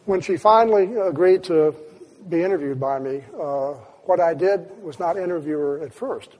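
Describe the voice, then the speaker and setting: Husky guy telling a story, kinda high voice, lots of hall echo. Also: normal speed, a little mellow. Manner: vivid storytelling with many restarts. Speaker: speaker. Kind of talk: storytelling lecture.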